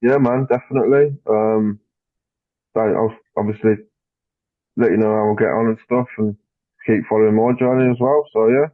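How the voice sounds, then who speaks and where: A man guest on a podcast, telling a story in casual chat, animated and swearing, acting out what people said. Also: fairly low pitch, normal speed, pauses often, no room sound. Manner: animated, swears, acts out dialogue. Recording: dry tinny phone-like line.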